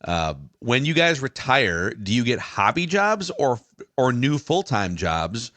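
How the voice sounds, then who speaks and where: A man's voice: mid-range voice, very animated, measured pace, a bit bright, no echo. A man hosting a podcast, reading out listener questions in a laid-back way. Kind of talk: casual chat.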